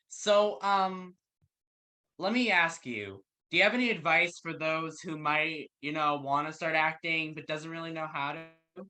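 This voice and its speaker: A friendly interview host asks questions and encourages the guest with short affirmations. The voice is bright and sharp, at a middle pitch. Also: a little slow.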